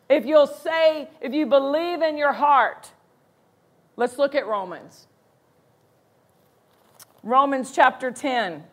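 High-voiced woman pastor preaching. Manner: emphatic, slows down to quote scripture; animated, bursts of excitement. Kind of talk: sermon.

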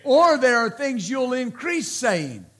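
A man preaching a sermon as pastor, slow and emphatic, repeating words and calling out praise between points. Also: very high-pitched, big pitch swings, fairly bright tone.

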